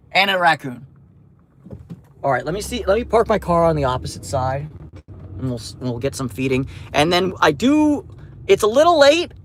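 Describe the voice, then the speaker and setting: Casting note: high, lively male streamer, chatty and rambling, outdoors on a handheld phone. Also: a little hiss or hum. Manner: rambling, with many restarts and mild swearing. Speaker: vlogger feeding stray cats. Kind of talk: casual live-stream chat. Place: outdoors by his car at night.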